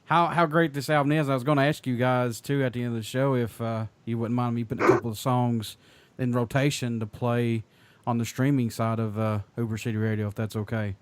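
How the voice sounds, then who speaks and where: A man's voice: medium pitch, fairly even intonation, a little fast, slight background noise. A man with a Southern US accent hosting a radio interview, blunt and goofy, joking with his guests. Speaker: radio show host. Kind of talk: casual interview chat.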